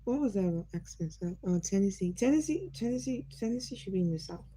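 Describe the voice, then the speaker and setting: Chatty Nigerian woman with a bright voice. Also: on the low side, quick pace, husky, dry recording, rough recording. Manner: chatty, greets viewers by name, asks curious questions. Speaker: livestream host. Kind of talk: casual livestream chat with viewers.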